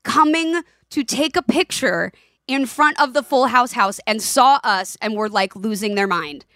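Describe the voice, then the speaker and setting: Animated woman podcast co-host. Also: on the high side, unhurried, no room sound, studio quality. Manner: animated storytelling with laughs and quoted voices. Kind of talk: casual chat.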